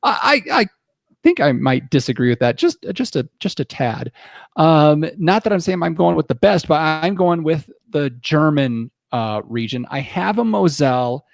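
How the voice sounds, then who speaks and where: Relaxed male podcast host. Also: fairly high pitch, normal speed, gravelly, no echo. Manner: relaxed, hesitant with fillers. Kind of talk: casual podcast chat.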